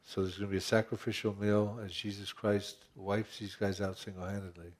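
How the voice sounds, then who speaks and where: A man's voice: on the low side, little pitch movement, a little fast. A man pastor preaching a conversational sermon, asking rhetorical questions and often restarting his phrases.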